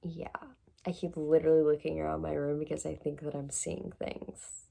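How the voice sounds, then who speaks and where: A woman with a low, gravelly voice chats excitedly through a casual reading vlog. Her tone is mellow and dark, and she fills her speech with "like" and "literally" as she recaps the story. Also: normal speed. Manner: chatty and excitable, lots of "like" and "literally". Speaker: book vlogger.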